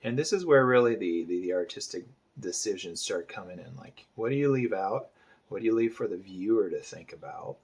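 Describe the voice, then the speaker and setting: Gravelly-voiced man muttering through a drawing. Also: low-pitched, lively intonation, fairly quick, darkish tone. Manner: thinking aloud, hesitant, muttering asides half-whispered. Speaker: art instructor. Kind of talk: casual drawing tutorial talk-through.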